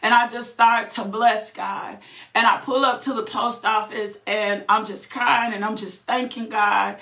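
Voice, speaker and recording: A woman's voice: on the high side, steady tone, unhurried, a bit bright. A woman giving a fervent, emotional personal testimony, repeating phrases and breaking into laughter. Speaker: testifying believer. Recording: roomy echo.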